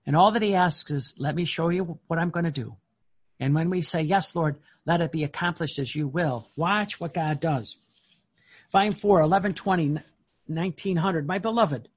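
Gravelly, husky male preacher. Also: fairly high pitch. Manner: emphatic, swings from slow reading to excited outbursts. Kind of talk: sermon reading and commenting on devotional text.

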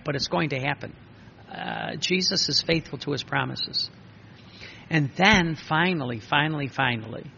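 A man preaching a sermon, emphatic and repetitive, with a gravelly voice. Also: medium pitch, sharp tone. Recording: dull lo-fi recording with faint noise.

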